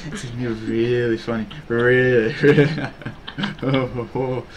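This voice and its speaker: A man's voice: medium pitch, steady tone, a little slow, background noise. A young man with a sore throat chatting casually to his livestream viewers, rambling and repeating fillers. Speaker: streamer.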